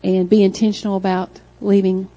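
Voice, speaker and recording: A woman's voice: medium pitch, level tone, brisk, mellow, poor audio. Earnest middle-aged woman preaching. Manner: earnest, encouraging, reads scripture aloud. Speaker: church speaker. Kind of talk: closing sermon exhortation.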